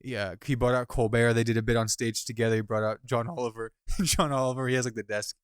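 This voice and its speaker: A man co-hosting a laid-back podcast, spinning anecdotes with lots of laughter. His voice sits at an ordinary middle pitch. The sound is close and dry, with no room around it. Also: fast, smooth, no room sound. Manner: animated storyteller, laughs often. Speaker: podcast co-host. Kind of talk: casual chat. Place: Midwest.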